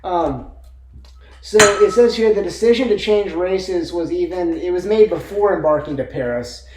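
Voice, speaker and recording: A man's voice: sits high, moderate pace, warm tone, reverberant, a little hiss or hum, poor audio. A young man co-hosting a casual movie chat, rambling with lots of fillers and frequent laughter. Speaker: co-host of a movie discussion channel.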